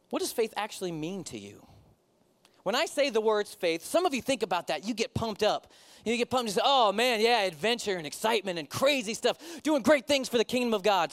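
A middle-aged man preaching as a pastor, conversational and animated, with joking asides to the congregation. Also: high voice. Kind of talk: sermon.

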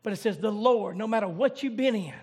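A man preaching a revival sermon in church, shouting in a chanting, rising cadence. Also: sits high, brisk.

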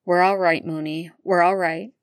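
Calm protective godfather wizard, soothing, low-pitched; woman reader. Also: moderate pace, dry recording, studio quality, close to an everyday voice. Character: steady reassuring grown man, protective godfather wizard.

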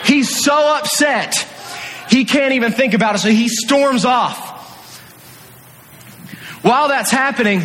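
Bright, energetic man preaching in a hall. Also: extremely high pitch, unhurried, pauses often. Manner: energetic, playful, acts out scenes. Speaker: youth pastor. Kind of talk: animated sermon storytelling. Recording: echoey hall.

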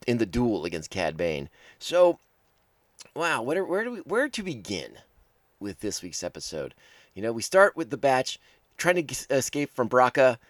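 A man's voice: lowish voice, dry recording. A man hosting a casual show episode breakdown podcast, talking enthusiastically and rambling with many restarts. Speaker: podcast host.

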